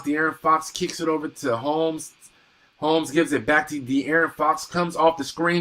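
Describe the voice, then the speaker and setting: Young guy doing live play by play on a stream, kinda high voice, hypes up big plays. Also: a little slow. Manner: excitable, repeats exclamations, reads out viewer comments. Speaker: live stream sports commentator. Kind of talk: live game commentary and reaction.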